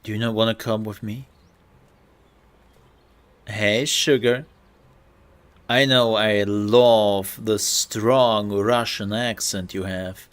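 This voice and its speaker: A man's voice: fairly low pitch, fairly even intonation, takes it slowly, long pauses, clean tone. A man casually commenting while streaming a video game, playful and rambling, joking to himself.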